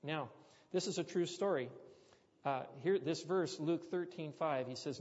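A man's voice: fairly high pitch, moderate pace, darkish tone. A man preaching a sermon, telling a story with chatty, joking asides to the congregation. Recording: dull sound with long hall reverb.

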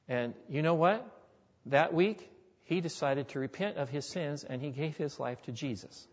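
A male pastor preaches in a folksy storytelling manner with a fairly high voice. The recording sounds dull and lo-fi, with a long echo from a large hall. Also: normal speed. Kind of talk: sermon.

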